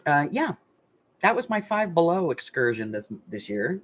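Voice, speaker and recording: Here an older craft-channel host chats casually through a story, full of fillers and lively retelling. She speaks at normal speed in a low-pitched voice, with slight background noise in the recording.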